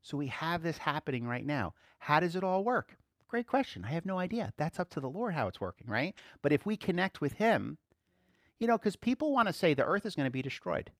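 Man, preacher, informal sermon, slightly high voice, dry close sound, chatty, laughs often. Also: sing-song, brisk, no echo. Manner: conversational, laughing often, swinging from emphatic to quiet.

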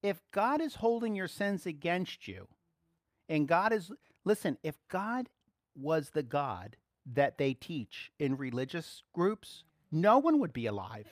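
A man preaching a sermon, swinging between soft, quiet asides and loud, excited exclaiming. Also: a little high, slow, no echo, clean studio sound.

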